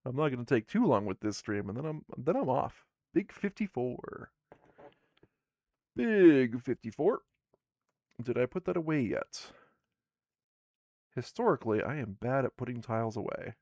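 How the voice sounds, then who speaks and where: Reading game text aloud on a live stream, a drowsy man narrates his solo tabletop session in a rambling, self-deprecating way. His voice sits in the middle range with a darkish tone, big swings in pitch, and a moderate pace, captured in a dry, lo-fi recording.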